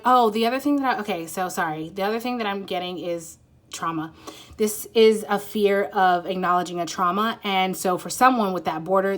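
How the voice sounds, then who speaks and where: Excitable woman giving a card reading. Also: mid-range voice, rough recording. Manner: excitable, rambling, breaks off and apologizes. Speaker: tarot card reader. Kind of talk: spontaneous intuitive card reading.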